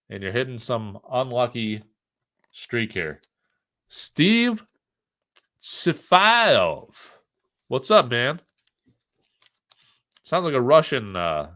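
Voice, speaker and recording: A man's voice: mid-range voice, big pitch swings, takes it slowly, long pauses, fairly bright tone. A middle-aged man from the United States hosting a casual live stream, joking, rambling and reading the chat aloud.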